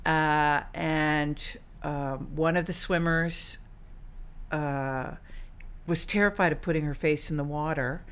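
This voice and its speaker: A middle-aged woman with a slightly low voice tells her story to an interviewer. She is chatty and full of fillers, and she acts out the thoughts she had back then in quoted asides. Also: fairly even intonation, takes it slowly, a bit bright, smooth. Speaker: guest, cancer survivor and swimmer.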